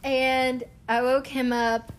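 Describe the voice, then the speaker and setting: A young woman spins a rambling everyday story for her viewers. She is chatty and animated, laughing often, and her voice sits a little on the high side. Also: takes it slowly. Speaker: vlogger. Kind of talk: casual storytelling to camera.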